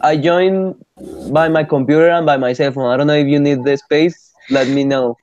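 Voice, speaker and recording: Male student, slightly high voice, dull dry call sound, hesitant questions. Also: fairly even intonation, moderate pace, a little mellow, no room sound. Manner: tentative questions. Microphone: video call.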